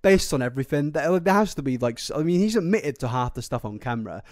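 A man's voice: fairly high pitch, expressive, quick pace, a little mellow, no echo, studio quality. A young British man co-hosting a podcast in casual banter, swearing, laughing and restarting his sentences. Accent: British English. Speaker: podcast co-host.

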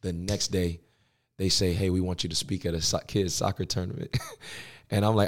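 Young male pastor guest, very low voice, casual slangy storyteller. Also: flat delivery, normal speed. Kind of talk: storytelling interview.

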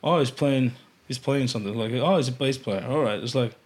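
An Icelandic man, a podcast guest, telling casual stories with lots of swearing and loud acted-out quotes. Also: mid-range voice, a little fast. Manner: animated, swearing, acts out quotes loudly. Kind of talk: casual storytelling chat.

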